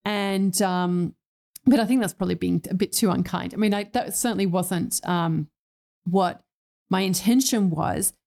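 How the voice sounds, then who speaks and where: A woman's voice: on the low side, moderate pace, vocal fry, a little mellow. A middle-aged woman, an interior stylist, hosting a solo podcast and reflecting earnestly on finding her own style, often correcting herself. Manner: thoughtful, self-correcting, earnest.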